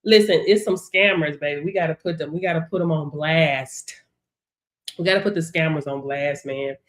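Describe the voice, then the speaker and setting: A woman's voice: sits low, moderate pace. Emphatic woman coach on a live stream. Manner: animated and emphatic, swings loud and soft, repeats phrases. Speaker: business coach. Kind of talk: casual live stream chat.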